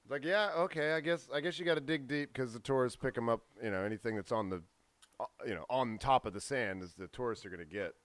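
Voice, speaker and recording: A man's voice: medium pitch, fast, no room sound. A man co-hosting a casual podcast, telling a rambling story and acting out the people in it. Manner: rambling, animated when quoting others. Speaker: podcast co-host.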